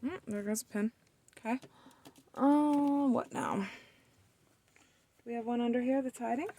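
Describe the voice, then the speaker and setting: Gravelly-voiced woman chatting while sewing. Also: fairly high pitch, measured pace, dark tone. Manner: talks to herself and the fabric while sewing, playful scolding. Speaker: DIY sewing tutorial host. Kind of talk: casual chatty sewing commentary.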